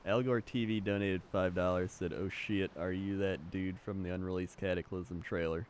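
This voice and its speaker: A man's voice: sits low, steady tone, normal speed, a little hiss or hum. A man co-hosting a stream, giving short agreeing replies, reading donations and cracking crude jokes. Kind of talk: casual stream chat.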